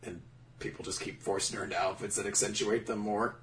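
A man's voice: fairly low pitch, fairly even intonation, a little fast, fairly bright tone, a little hiss or hum. A man co-hosting a casual podcast, rambling with many fillers and restarts. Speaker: podcast co-host. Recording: voice a bit far from the mic.

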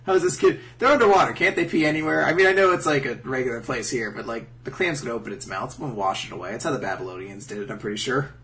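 Man, podcast co-host, casual chat, joking, incredulous, lively pitch. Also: rapid-fire, few pauses, recorded from a distance.

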